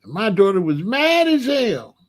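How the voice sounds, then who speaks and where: A man in his sixties giving a rambling comedic monologue as host, telling stories with animated disbelief and laughter. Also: sits high, moderate pace. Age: 60s. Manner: animated, incredulous storytelling with laughs.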